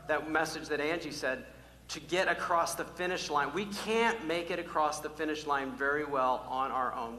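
A man preaching a sermon as pastor, animated, drawing out key words slowly for emphasis. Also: fairly high pitch. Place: church sanctuary. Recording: echoey church hall, faint hum.

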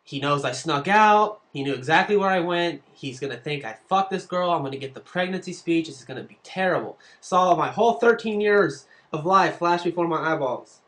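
A man answering fan questions on his vlog, telling stories in a casual, profane and animated way. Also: a little high, a little fast, hardly any pauses. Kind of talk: casual storytelling.

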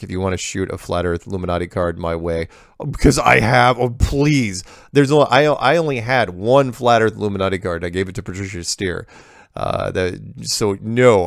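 A man's voice: sits low, vocal fry, dry recording, clean studio sound. A man hosting a show, reading viewer emails aloud and answering them in a casual, digressive way, often breaking off to comment.

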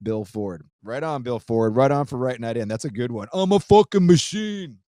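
Warm in tone and mid-range, this man's voice moves fairly quickly with no echo and clean studio sound. Hosting his podcast, he chats casually and reads a listener's letter, profane and loose, laughing easily with frequent restarts.

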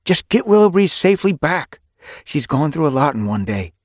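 Brief: earnest young warrior tom, voiced by a male reader, husky, lifted pitch, lively delivery. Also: normal speed, no echo, studio quality. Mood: urgent, indignant. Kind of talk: audiobook character voice.

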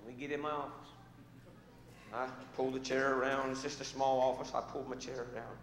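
A male pastor telling a story in a sermon, dramatic and swinging between hushed and loud, recorded in a church sanctuary. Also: medium pitch, little pitch movement, fairly quick. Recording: echoey church hall with faint noise.

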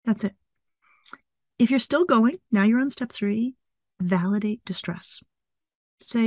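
A middle-aged woman psychologist, a guest in an interview, explaining things calmly step by step. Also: mid-range voice, fairly quick, no room sound, studio quality.

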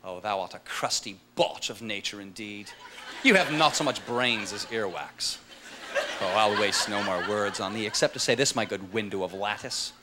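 A man playing a pompous man from Shakespearean times who hurls ornate insults in a slow, grand, theatrical voice. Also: lowish voice, background noise, voice pushed down, natural voice. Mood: haughty scorn.

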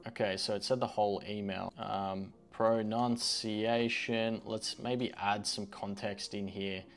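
A man's voice: fairly low pitch, fairly even intonation, normal speed, gravelly. A young man hosting a tech tutorial, chatty and easily amused. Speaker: host.

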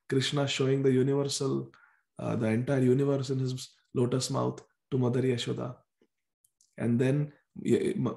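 Gravelly man telling scripture stories. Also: mid-range voice, echoey room. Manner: animated storyteller, chants verses. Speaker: scripture class speaker. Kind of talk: devotional scripture storytelling lecture.

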